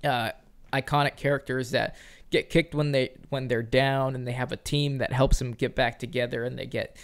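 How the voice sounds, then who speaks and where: A man's voice: mid-range voice, little pitch movement, moderate pace, creaky. A man co-hosting a casual podcast, joking and teasing his partner in a playful, dry way. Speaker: co-host.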